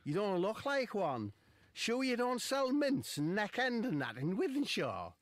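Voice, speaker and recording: A man putting on a high, teasing falsetto for a cheeky young woman from Manchester. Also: big pitch swings, a little slow.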